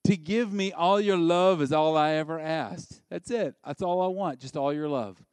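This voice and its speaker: A man's voice: a little high, moderate pace, clean tone, dry recording, voice pushed up, lightly acted. A man playing a needy, overdramatic young man who pleads for love, with a dry close sound. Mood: pleading. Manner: melodramatic, pleading.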